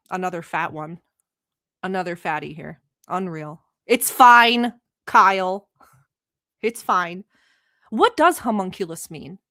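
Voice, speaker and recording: A woman's voice: fairly low pitch, lively intonation, takes it slowly, pauses often, no room sound, studio quality. A woman from the Middle East, whose first language is not English, hosting a casual livestream and chatting with viewers in a teasing, talkative way. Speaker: livestream host reacting to videos.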